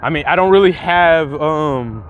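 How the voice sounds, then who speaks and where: High-voiced young man vlogging casually. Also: animated, measured pace, dull audio, slight background noise. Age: young adult. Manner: rambling and profane, with frequent restarts. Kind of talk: casual vlog commentary.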